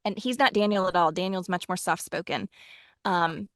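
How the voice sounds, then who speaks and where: A woman's voice: fairly low pitch, normal speed, no echo, clean studio sound. A woman from Texas with a Texan accent, an audiobook narrator chatting animatedly in an interview, with frequent ums. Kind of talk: casual interview chat.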